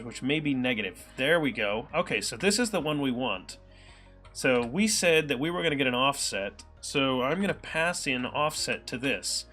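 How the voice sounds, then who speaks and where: A man's voice: medium pitch, bright, forceful tone. A man with an American Midwest accent hosts a live coding stream, thinking aloud with lots of ums and reading chat messages aloud. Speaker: livestream programmer host.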